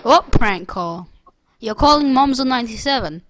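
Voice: medium pitch, expressive, moderate pace, fairly bright tone. A young-sounding prank caller in casual, teasing chat, trading playful insults and acting offended. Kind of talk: casual prank call over a video chat app.

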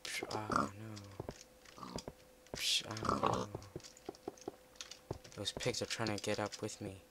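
A man giving casual commentary while playing a game, chatty and muttering to himself, with excitable outbursts. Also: on the low side, slow, creaky. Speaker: let's play gamer. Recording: loud background noise with keyboard typing.

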